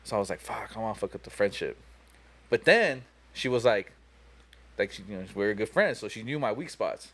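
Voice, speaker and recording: A man's voice: fairly low pitch, animated, fairly quick, fairly bright tone. A young man on a podcast telling a long, profane story in a rambling way, full of "you know" and "like.". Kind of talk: casual storytelling chat.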